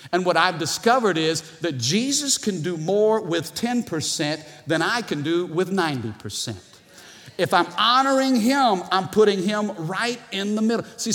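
A man preaching a sermon as pastor in a church, animated, with playful asides to the congregation. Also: high voice, normal speed. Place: church sanctuary. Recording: long hall reverb from the church.

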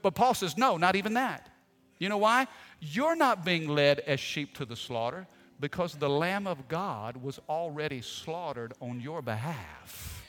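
A male pastor delivering an energetic sermon, leading the congregation in call-and-response and shouted refrains. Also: fairly high pitch, measured pace. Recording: long hall reverb.

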